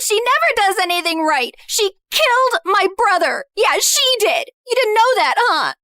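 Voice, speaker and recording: A woman voicing a cruel, bitter teenage girl who sneers and accuses in an animated drama. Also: extremely high pitch, no echo, clean studio sound, heavily acted.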